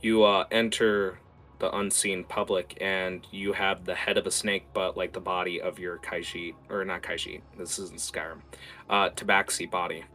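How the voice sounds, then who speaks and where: A man narrating a tabletop game as its game master, animated and full of filler words. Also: sits low, normal speed, faint music behind.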